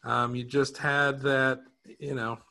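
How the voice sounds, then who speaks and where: A man's voice: medium pitch, little pitch movement, slow, vocal fry, pushed and bright. A man co-hosting an interview, telling a casual story in a self-deprecating way, chuckling and restarting sentences. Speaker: co-host.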